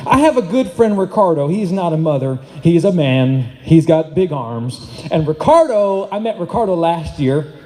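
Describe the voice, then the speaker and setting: A man in his thirties preaching a sermon as pastor, energetic and joking, swinging between loud and soft. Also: fairly high pitch, normal speed. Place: church hall. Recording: long hall reverb.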